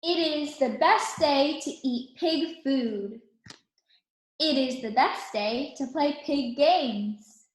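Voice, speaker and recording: A bubbly cartoon pig bursts with joy, all high squeals and happy oinks, as a woman reads her out. The voice is pitched up high and rings a little in an echoey room. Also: slow. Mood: joyful. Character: excited cheerful young pig.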